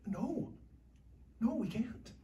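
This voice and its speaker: A woman preaching a sermon in a church, talking in a conversational, lively way with shifting loudness. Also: fairly high pitch, very slow, recorded from a distance, muffled recording, slight background noise.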